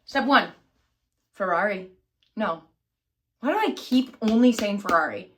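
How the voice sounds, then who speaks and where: A woman vlogger talking straight to camera in a loose, rambling way, full of asides and restarts. Her voice sits at a middle pitch, and she keeps laughing off her own confusion. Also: animated, measured pace, a little hiss or hum. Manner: scattered and self-deprecating, many fillers and restarts. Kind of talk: rambling casual chat to camera.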